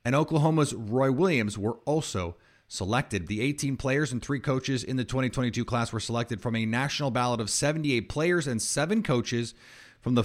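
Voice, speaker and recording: A man hosting a sports podcast, reading headlines in a steady, plain delivery. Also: mid-range voice. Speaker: podcast host.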